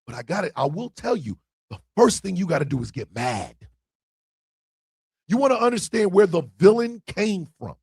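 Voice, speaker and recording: Fiery, gravelly-voiced man ranting. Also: sits high, big pitch swings, normal speed, darkish tone, no room sound, clean studio sound. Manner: fiery, emphatic, preaching. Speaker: internet radio co-owner and host. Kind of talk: impassioned livestream monologue.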